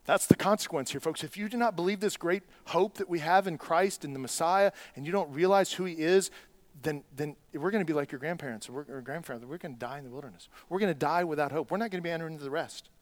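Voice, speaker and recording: A man preaching a sermon, conversational and earnest, dropping to quiet asides and climbing to loud, rising exhortation. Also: fairly high pitch, quick pace, no room sound. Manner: conversational preaching with restarts and plain talk. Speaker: pastor.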